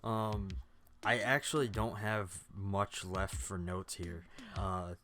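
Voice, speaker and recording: A man's voice: lowish voice, flat delivery, slow, bright, forceful tone. A man co-hosting a casual movie podcast, giving short laid-back replies and talking through his notes. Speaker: podcast co-host. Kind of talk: casual chat about movies.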